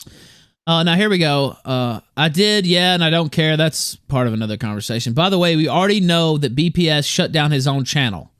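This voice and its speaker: Guy hosting a livestream, rambly and chuckly, kinda high voice, dry sound. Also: lively intonation, brisk, a bit bright, clear, resonant tone, no room sound. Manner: chuckling, rambling, reads chat messages aloud. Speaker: livestream host. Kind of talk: casual livestream commentary.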